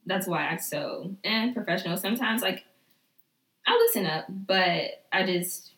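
A young woman chatting candidly about her working life, leaning on "like" as she goes. Her voice sounds bright and clear. It carries a noticeable room echo. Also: medium pitch, animated, moderate pace. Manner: candid, fills speech with "like". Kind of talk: casual chat.

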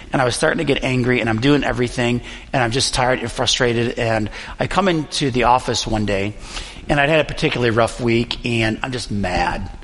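A fairly young man preaches in a church, his middle-pitched voice gravelly with fry. He tells a personal story earnestly, pausing often. A long reverb from the large hall trails his words. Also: a bit bright. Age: young adult. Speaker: pastor. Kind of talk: sermon.

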